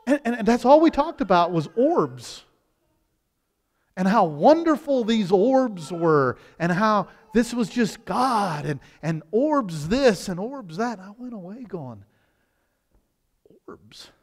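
High-voiced guy preaching, all over the place pitch-wise, lots of restarts, long echo from the church hall. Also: sing-song, slow pace. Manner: conversational preaching with frequent restarts, swings from loud to hushed. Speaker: pastor. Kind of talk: sermon. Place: church sanctuary.

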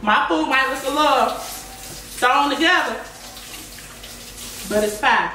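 Bright-voiced woman vlogging in a roomy kitchen. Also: sits high, slow. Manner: slangy, talks straight to viewers. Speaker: vlog host cooking. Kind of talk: casual chat to viewers. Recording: roomy, distant mic, faint room noise.

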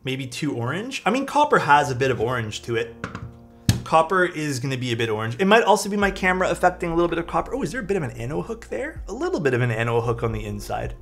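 Lively man chatting on a stream. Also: on the high side, fast. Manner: thanks chat, muses aloud while unboxing. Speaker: streamer building a keyboard. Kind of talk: casual live-stream chat. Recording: faint music behind.

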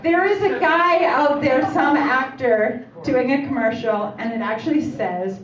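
Woman stand-up in her forties, high voice, chatty and teasing, echoey distant club recording with crowd noise. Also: a little slow, dull audio. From Canada. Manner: chatty, teasing the audience with questions. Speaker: stand-up comedian. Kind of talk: stand-up comedy set. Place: comedy club stage. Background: audience laughter and crowd.

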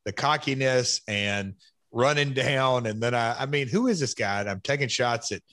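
A man in his fifties with a Southern US accent, hosting a podcast and reminiscing in a halting, reflective way. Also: mid-range voice, fairly bright tone, no echo. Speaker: podcast host. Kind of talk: casual podcast chat.

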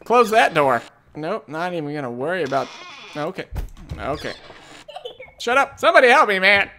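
A man's voice: high-pitched, sing-song, moderate pace, sharp tone, a little hiss or hum. A man commentating a horror game, jumpy and jokey, swearing often as he panics. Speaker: gamer.

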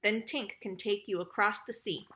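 A woman's voice: medium pitch, steady tone, moderate pace, pushed and bright, close to an everyday voice. A woman voicing a proud boy who never grows up, speaking coolly and bitterly.

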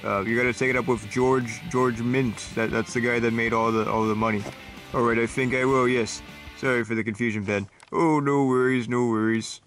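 A man's voice: mid-range voice, fairly even intonation, normal speed, a bit bright, faint music behind. A man performing a scripted comedy sketch, switching between goofy character voices. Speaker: comedy sketch creator voicing several characters.

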